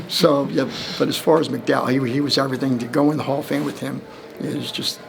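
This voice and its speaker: Gravelly storytelling man in his fifties. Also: medium pitch, fairly even intonation, fairly quick, noisy background. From New Jersey. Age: 50s. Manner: rambling storyteller who acts out quoted voices and laughs between lines. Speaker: Hall of Fame inductee, former running back. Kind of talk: press interview answers.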